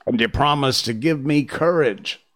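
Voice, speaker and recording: A man voicing a big cowardly lion in a storybook reading, drawing his words out slowly. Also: mid-range voice, a bit bright, voice pushed up, natural voice. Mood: timid. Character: big timid lion, cowardly yet blustering.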